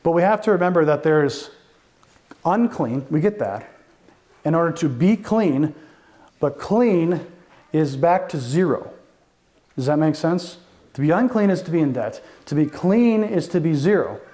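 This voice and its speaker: Animated pastor with a raised voice. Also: male voice, a little high, measured pace, long pauses. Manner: conversational, animated preaching with asides. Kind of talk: sermon.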